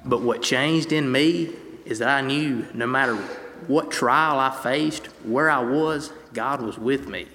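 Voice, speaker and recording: A man's voice: medium pitch, slow pace, pushed and bright, slight background noise. A young man from North Carolina in his twenties giving an earnest, conversational faith testimony to a congregation and reading scripture aloud. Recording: long reverb of a large hall.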